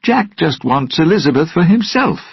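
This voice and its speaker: Stern naval officer read by a man: curt, husky and proud, on a dull lo-fi track. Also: a little high, very animated, normal speed, dry recording, pitched above the performer's own voice, heavily acted. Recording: dull lo-fi recording.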